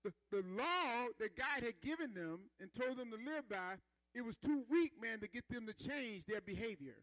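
A man's voice: very high-pitched, animated, moderate pace, fairly bright tone, no room sound, poor audio. A man preaching a sermon in a conversational style, calling for responses from the congregation and building rhythmic emphasis.

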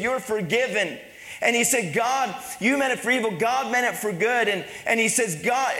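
A man preaching a sermon in a high, bright voice, dropping to hushed, low lines and then rising to emphatic calls. His voice carries through a church sanctuary with a long, echoing reverb. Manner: preaching with dynamic swings between soft and loud. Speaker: pastor. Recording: echoey church hall.

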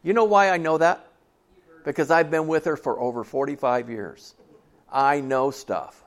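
A man's voice: on the high side, a little slow. A man in his sixties preaching a sermon to a church congregation in a folksy, conversational way, often asking them questions. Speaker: pastor.

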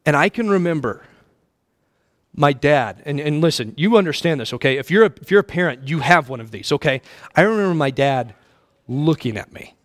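Impassioned male preacher, swinging loud to hushed. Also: fairly high pitch, expressive, a little fast. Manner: repeats words, addresses listeners as friend. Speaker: pastor. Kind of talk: sermon. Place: church sanctuary.

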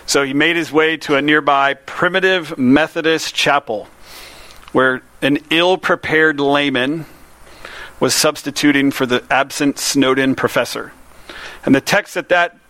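Earnest man preaching, slightly high voice. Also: measured pace, pushed and bright, no echo. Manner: earnest, plain-spoken preaching with rhetorical questions. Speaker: pastor. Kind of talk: sermon. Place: room before a congregation.

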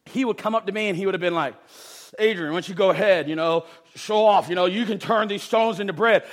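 A man in his thirties preaching a sermon, animated and playful, swinging from loud outbursts to hushed asides and repeating words for emphasis. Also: high-pitched, quick pace. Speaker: pastor.

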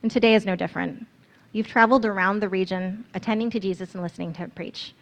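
A woman's voice: medium pitch, steady tone, fast talker, gravelly. A woman narrating a guided scripture meditation in the second person, in an earnest, storytelling manner.

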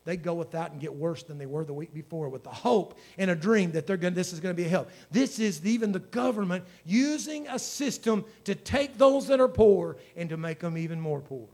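A man's voice: high voice, lively intonation, fairly quick, hardly any pauses, a little mellow. A man, a pastor preaching a sermon in a folksy storytelling way that builds to fervent exhortation.

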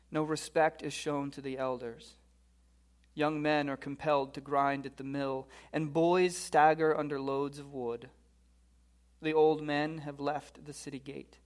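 A male pastor preaching a sermon, with a fairly high voice. He reads scripture and then tells a lively, joking story. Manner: animated, humorous storytelling.

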